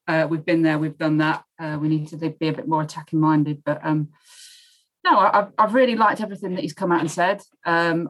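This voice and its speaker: A woman giving her views on a casual podcast, thoughtful and hesitant with many pauses. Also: fairly low pitch, poor audio. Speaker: podcast co-host.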